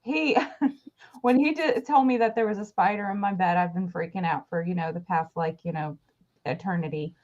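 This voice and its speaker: A woman's voice: fairly low pitch, normal speed. A woman co-hosting a casual chat show, telling stories with jokes. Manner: animated storyteller, joking. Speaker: co-host. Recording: dull lo-fi sound.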